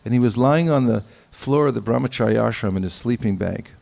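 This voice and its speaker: A man giving a devotional sermon, speaking in a measured, pausing way with gentle humor. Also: mid-range voice, gravelly. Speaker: spiritual teacher. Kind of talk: sermon with anecdotes.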